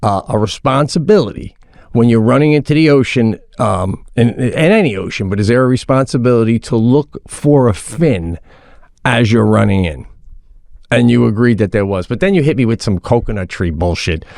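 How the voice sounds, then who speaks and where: A man co-hosting a podcast, telling stories in a casual, animated way and swearing often, on a studio mic. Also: mid-range voice, normal speed, creaky, dry recording. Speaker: podcast co-host. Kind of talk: casual chat.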